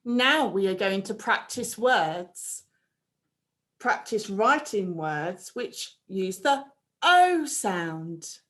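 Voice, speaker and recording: Woman, primary teacher, unhurried and lively sing-song delivery, stretches each sound out for little ones. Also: mid-range voice. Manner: slow, clear, sing-song prompting with drawn-out sounds. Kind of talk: phonics lesson for young children.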